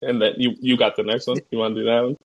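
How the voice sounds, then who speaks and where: A young man co-hosting a casual podcast, retelling movie scenes with lots of laughter and loud acted-out quotes. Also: mid-range voice, level tone, quick pace, dull audio. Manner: laughs often, acts out quotes in a raised voice. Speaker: podcast co-host.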